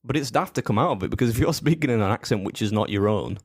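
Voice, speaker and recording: A man's voice: lowish voice, lively intonation, quick pace, husky, no echo, studio quality. A young man co-hosting a podcast, swearing freely, laughing often and rambling in casual chat. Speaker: podcast co-host.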